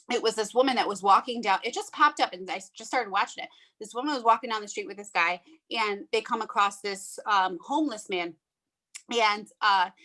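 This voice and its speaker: A woman's voice: a little high, a bit bright. A middle-aged woman hosting a group video call, giving a fervent, preachy motivational talk with blunt, mildly profane words.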